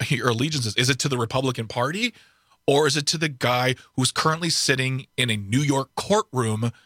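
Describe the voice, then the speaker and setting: A man co-hosting a political talk radio show, talking in a sarcastic, animated way with frequent stumbles and restarts. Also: mid-range voice, dry recording, studio quality. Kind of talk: casual political radio chat.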